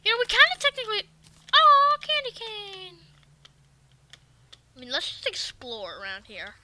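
A woman giving casual let's-play commentary, excitable and talking back to the game's enemies. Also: very high-pitched, measured pace. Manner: excitable, swears and talks to the game enemies. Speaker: gaming video creator.

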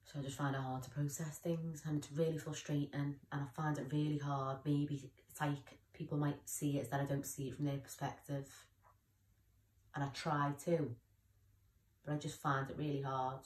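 A woman's voice: low voice, little pitch movement, normal speed, a little mellow, roomy sound. A young woman talking candidly in a personal vlog, rambling and often losing her train of thought. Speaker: vlogger.

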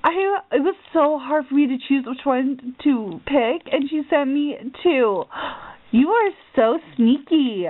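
Gushing high-voiced young woman, tinny audio. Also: a little slow. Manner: gushing, excitable, gasps often. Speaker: crafting vlogger. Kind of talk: package opening vlog.

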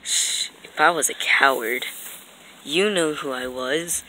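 A woman voicing a cruel, mocking nightmare villain in a fan animation, speaking in a hushed, taunting half-whisper. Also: extremely low pitch, slow, slight background noise, exaggerated voice, low-quality recording. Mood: menacing. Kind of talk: amateur voice acting for a fan animation.

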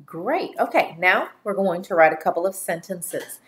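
A woman teacher giving a slow dictation lesson to young children, speaking clearly and deliberately and drawing out each syllable. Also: lowish voice, animated, a bit bright. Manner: clear, deliberate, spells words and stretches syllables.

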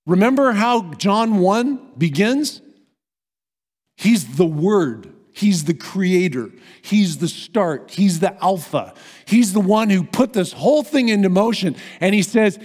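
American pastor preaching in echoey church. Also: male voice, sits high, lively intonation, slow pace, a little mellow. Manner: storytelling preacher, earnest and emphatic. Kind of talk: sermon. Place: church sanctuary. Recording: long hall reverb in a church.

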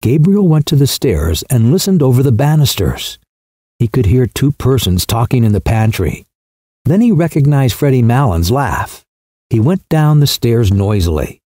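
A man reads a classic short story aloud in a mellow, slightly husky voice. His intonation moves with lively rises and falls, and the sound is close and dry. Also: normal speed, no echo. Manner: voices characters with pitch shifts. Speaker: audiobook narrator. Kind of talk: literary audiobook narration.

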